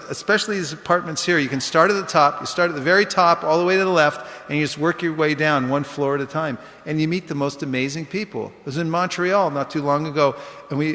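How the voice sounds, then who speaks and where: A man with a fairly high voice tells stories to a class, animated and chatty, sometimes acting out the people he met. The sound is echoey, with a long hall reverb around him. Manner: animated storyteller, acts out voices in quotes. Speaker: book distribution speaker. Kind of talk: informal class talk with anecdotes. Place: temple hall.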